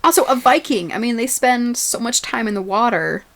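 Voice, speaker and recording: A woman co-hosts a podcast, recapping a TV episode in relaxed chat and laughing often. Her voice sits on the high side, expressive and fairly bright, at a moderate pace.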